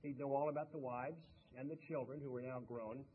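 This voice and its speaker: A man's voice: mid-range voice, fairly even intonation, brisk, phone-quality sound, slight background noise. Folksy man telling stories to a crowd. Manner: folksy storytelling, talks to the audience. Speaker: motivational speaker. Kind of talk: motivational speech.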